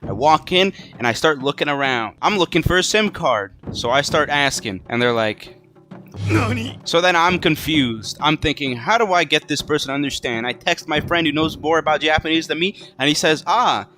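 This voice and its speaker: A man, a vlogger, telling a casual story to the camera in an animated, profane, self-mocking way. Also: a little high, brisk, few pauses.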